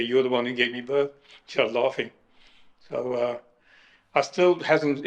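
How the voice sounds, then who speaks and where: A middle-aged man recounting his kidney transplant in an emotional interview, halting and restarting as he speaks. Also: medium pitch, a bit bright. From United Kingdom. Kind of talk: emotional personal account.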